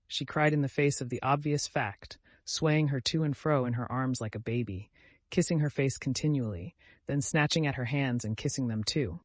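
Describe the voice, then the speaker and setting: A man narrating a classic novel in a measured, dramatic reading. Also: mid-range voice, no room sound. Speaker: audiobook narrator. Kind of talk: scripted narration.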